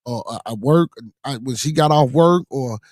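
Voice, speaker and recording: A middle-aged man rambles through a casual podcast monologue, swearing freely and leaning on repeated fillers. His voice sits at an ordinary pitch for a man. The recording is dry, with no room sound around him. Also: moderate pace, a little mellow, no room sound. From Chicago, USA. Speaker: podcast host.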